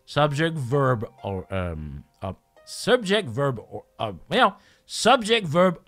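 A man's voice: on the high side, a bit bright. A man giving casual, joking commentary while playing a language-learning game, laughing often.

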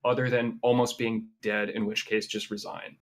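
Blunt man with halting, filler-heavy talk. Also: fairly low pitch, level tone. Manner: blunt, opinionated, hesitant with many fillers. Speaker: podcast co-host. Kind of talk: casual card-game review chat.

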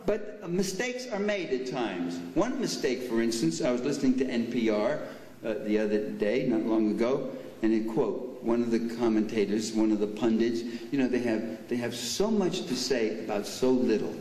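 A man's voice: mid-range voice, expressive, normal speed, dark tone. An older man giving a political speech at a banquet, sarcastic and full of mocking asides. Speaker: speaker at a banquet. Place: banquet hall. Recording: echoey hall from far off.

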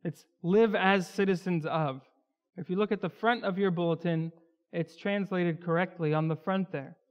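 A man preaching an expository sermon as pastor of a church, slowing down to stress key words. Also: high voice, steady tone. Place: church sanctuary. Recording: dull, lo-fi church recording with long hall reverb.

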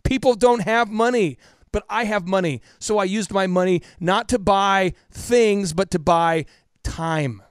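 A man in his thirties, a podcast guest telling stories with emphatic, repetitive energy that drops to a hush for emotional moments. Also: sits high, measured pace, clear, resonant tone, no room sound, studio quality. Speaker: podcast guest, business coach. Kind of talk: impassioned storytelling interview.

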